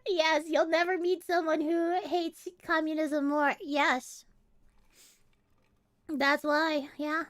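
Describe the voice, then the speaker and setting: A young adult woman streaming and chatting casually, excitable and quick to swear. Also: high-pitched, no room sound, clean studio sound. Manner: excitable and profane, swears freely. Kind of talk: casual livestream chat.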